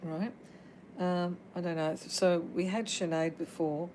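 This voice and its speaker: A woman speaks casually on a livestream, pausing often with ums and uhs. Her voice sits a little low for a woman. A faint hiss sits under her words. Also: steady tone, a little mellow, poor audio. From Australia. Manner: halting, full of ums and uhs. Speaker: paranormal livestream host. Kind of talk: casual livestream chat addressing spirits.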